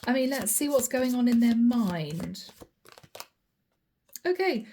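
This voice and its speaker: Giggly tarot reader woman, mellow voice. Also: a little high, expressive, slow, slight background noise. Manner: laughs often while reading, acts out what the other person says. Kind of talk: channeled tarot reading.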